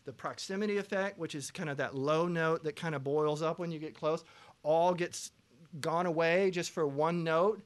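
A man teaching a pop vocal production masterclass to students, lively, breaking into loud sung examples. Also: on the high side. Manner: animated, belts out sung examples.

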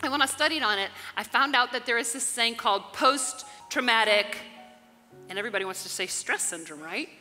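A woman pastor, preaching a lively sermon that swings from soft talk to shouts, often laughing. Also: fairly high pitch, fairly quick. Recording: live church hall reverb with music.

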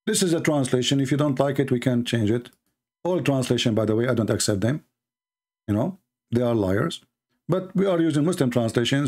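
A man's voice: mid-range voice, gravelly, darkish tone. A man giving mocking, polemical commentary as a religious debater, sarcastic and taunting.

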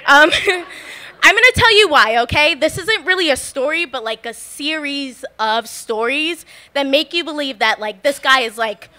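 A woman's voice: high-pitched, animated, measured pace, pushed and bright. A young woman from Philadelphia telling a comic personal story on stage at a story slam, chatty and full of "like" fillers, laughing often. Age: young adult. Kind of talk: live comedic storytelling. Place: live story slam at a bar venue.

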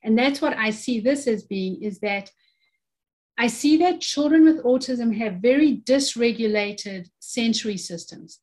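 Emphatic, higher-voiced woman therapist on a call. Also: unhurried, a little mellow. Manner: emphatic, earnest, repeats phrases for stress. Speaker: occupational therapist and guest expert. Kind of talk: conversational webinar interview.

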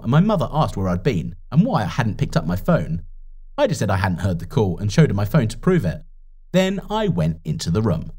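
Guy telling a cartoon story in first person, husky voice, pitch all over the place, light music behind. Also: darkish tone. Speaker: narrator.

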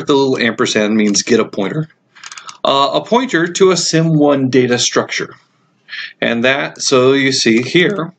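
A man teaching a programming course over a screen recording, explaining code in a relaxed way with frequent ums and uhs, while he has the hiccups. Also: mid-range voice, slight background noise. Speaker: computer science instructor. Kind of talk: screencast code walkthrough lecture.

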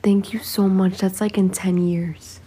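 A woman's voice: mid-range voice, flat delivery, unhurried, warm tone, husky. A woman around twenty chatting casually on a live stream from home, reading viewer comments aloud into a phone held at arm's length. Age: 20s. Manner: chatty, reads viewer comments aloud, sings snatches of a song. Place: home indoors.

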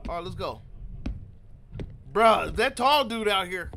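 A man playing through a horror game, reacting out loud in jumpy, slangy commentary and talking to himself. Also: high-pitched, animated, unhurried, creaky, slight background noise. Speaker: gaming channel host.

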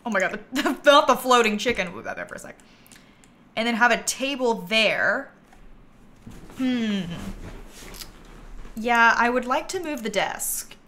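A woman livestreaming a game, chatting casually and thinking aloud, with bursts of giggly excitement. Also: a little high, a little slow, long pauses, slight background noise. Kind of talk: casual gameplay commentary.

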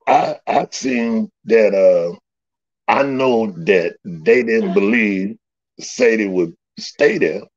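A man tells a story with big swings in pitch, acting out every quote. His voice is gravelly and husky. The recording sounds dull and lo-fi. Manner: animated, laughing, swearing, acts out quotes. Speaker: storyteller guest. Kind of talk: casual storytelling.

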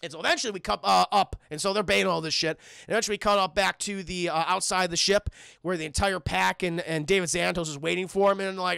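A man with a high voice and a sharp, bright tone walks his live chat through a cartoon episode. He rambles, swears, and keeps calling out to chat while acting out the characters' lines. The sound is dry and close. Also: fairly even intonation, creaky, clear, resonant tone, dry recording. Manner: acts out characters' lines in quick asides. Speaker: streamer reviewing a cartoon.

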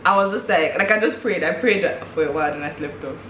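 A woman's voice: lowish voice, fast talker. A young woman hosting a vlog, asking her roommate questions and speaking earnestly. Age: young adult. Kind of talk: casual chat. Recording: roomy room with faint noise.

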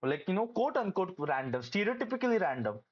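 A young adult medical student giving casual, hesitant advice with many pauses and restarts. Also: medium pitch, big pitch swings, breathy edge, dull audio.

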